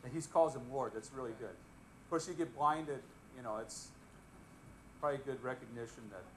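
Over slight background noise in a rough recording, a man of medium pitch talks at a moderate pace. He leads a laid-back Bible lesson, conversing with the crowd, frequently quizzing them and cracking jokes along the way. There's an easy, chuckling warmth to his delivery.

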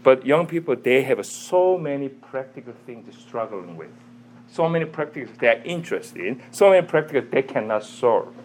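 Male church teacher, mid pitch, very lively delivery, broken phrasing, sermon style. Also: moderate pace, a little hiss or hum. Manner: animated, quizzes the audience.

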